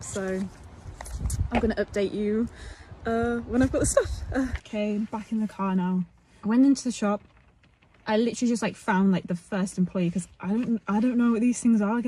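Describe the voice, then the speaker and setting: A woman's voice: mid-range voice, mellow, low-quality recording. A young woman vlogging from her car, rambling in a hesitant, upset way with many likes. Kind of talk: vlog to phone camera.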